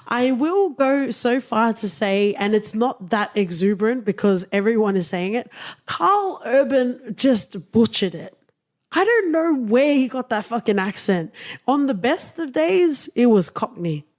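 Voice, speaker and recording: A woman's voice: on the high side, big pitch swings, a little slow, a little mellow. A woman co-hosting a podcast in casual chat, blunt and profane, often laughing. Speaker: podcast co-host.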